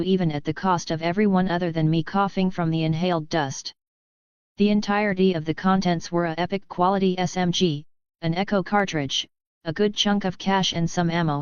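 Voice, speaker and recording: Brief: female audiobook narrator, steady even read, slightly dull lo-fi recording. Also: fairly low pitch, clear, resonant tone, no room sound. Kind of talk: first-person audiobook narration.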